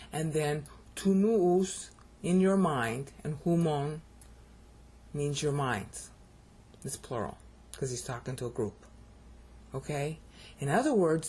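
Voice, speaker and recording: A woman on her video channel casually explaining word meanings, often pausing to check in with the viewer. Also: fairly low pitch, darkish tone, breathy edge. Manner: explanatory, keeps checking in with "okay?". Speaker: YouTuber explaining Bible Greek. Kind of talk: casual teaching monologue.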